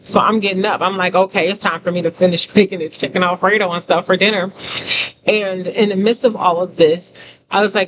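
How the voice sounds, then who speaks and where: A woman's voice: lowish voice, fairly even intonation, moderate pace. A woman giving a conversational testimony sermon as a prophetic teacher, emphatic, repeating phrases and talking straight to her listeners. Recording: noisy background hiss.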